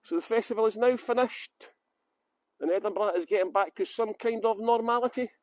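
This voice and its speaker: A man from West Yorkshire leads a live-streamed walking tour outside on city streets, joking with his viewers and greeting them by name. His voice sits high for a man, and it comes across close and dry with hardly any reverb. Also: fairly quick. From Halifax, West Yorkshire, England. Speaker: tour guide.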